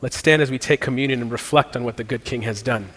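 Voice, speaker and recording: Speaking fast in a medium-pitched, fairly bright voice, this pastor delivers a sermon and guides communion and prayer. His manner is sincere and chatty with casual slang, and the church sanctuary adds long hall reverb.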